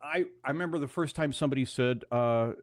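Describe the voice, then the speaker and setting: Older man, musician guest, animated storyteller, acts out the voices, middle pitch, dry studio sound. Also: fast, dry recording. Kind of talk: storytelling in a radio interview.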